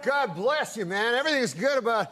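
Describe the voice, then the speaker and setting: A male comedian telling a meandering deadpan story as a talk-show guest. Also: very high voice, brisk. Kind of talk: rambling anecdote on a talk show.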